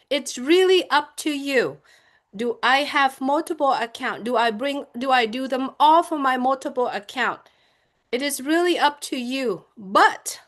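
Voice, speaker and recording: A woman co-presenting casually to viewers, slow and emphatic, repeating key words and posing questions. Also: a little high, fairly bright tone. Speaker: community co-presenter.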